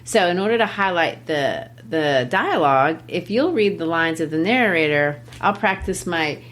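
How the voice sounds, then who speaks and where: A woman with a low voice hosts a literature podcast. She reads a short story aloud slowly and deliberately, then turns to explaining it in a teacherly way. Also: lively intonation, a bit bright, a little hiss or hum. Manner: measured, deliberate reading with pauses. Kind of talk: reading a story aloud and discussing it.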